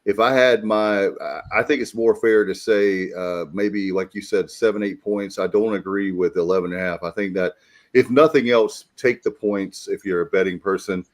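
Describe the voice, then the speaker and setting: Low-voiced, upbeat sports show host. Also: male voice, steady tone, moderate pace. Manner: enthusiastic, addresses the panel directly. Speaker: podcast host. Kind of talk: casual sports talk.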